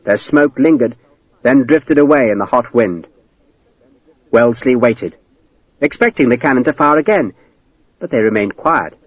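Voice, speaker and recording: Expressive male audiobook narrator. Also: mid-range voice, normal speed, pauses often, dry recording, muffled recording. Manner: dramatic, expressive reading. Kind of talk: scripted narration.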